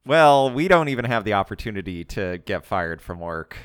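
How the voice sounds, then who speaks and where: A man co-hosting a comedy podcast, chiming in with jokes and quick agreement. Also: lowish voice, sing-song, clean tone, no echo, clean studio sound. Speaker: podcast co-host. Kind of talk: casual comedic banter.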